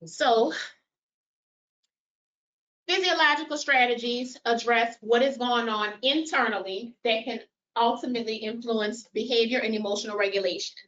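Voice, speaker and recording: A woman with a slightly high voice leads a caregiver training session. She moves briskly through points and checks in with the audience. The recording sounds dull and lo-fi. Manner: animated, quizzes audience with show of hands. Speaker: workshop presenter. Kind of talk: live training workshop.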